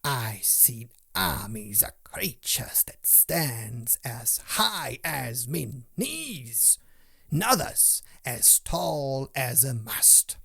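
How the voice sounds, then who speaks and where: A man's voice: medium pitch, big pitch swings, drawn-out words, sharp tone, full character voice. Man voicing a boastful little goblin pirate. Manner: rough pirate dialect, tall tales.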